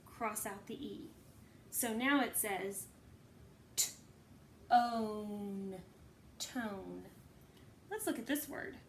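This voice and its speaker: A woman's voice: fairly high pitch, measured pace, a little hiss or hum. A woman teaching a phonics lesson to kindergarten children, patiently sounding out words.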